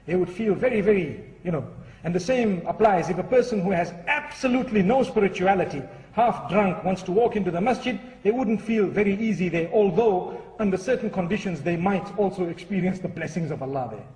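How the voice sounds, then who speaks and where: A man's voice: sits high, lively intonation, a little fast, a little mellow. A man preaching a sermon and telling a humorous story in an earnest, storytelling way. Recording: echoey hall, far from the mic.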